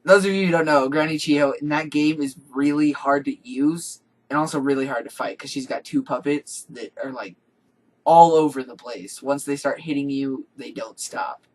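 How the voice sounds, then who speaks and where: A man's voice: fairly high pitch, moderate pace, rough recording. Dry young man chatting with a friend. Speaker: co-host. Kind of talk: casual storytelling.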